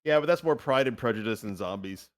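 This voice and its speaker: A man's voice: medium pitch, animated, fast. A man playing in a tabletop game, chatting casually with joking asides. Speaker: player.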